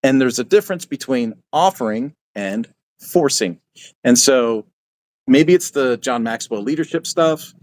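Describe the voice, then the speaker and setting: Brief: older male host, mid-pitched, folksy storyteller who repeats his points. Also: animated, measured pace, a little mellow. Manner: folksy, repetitive, quotes himself in asides. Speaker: channel host. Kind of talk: casual spoken advice.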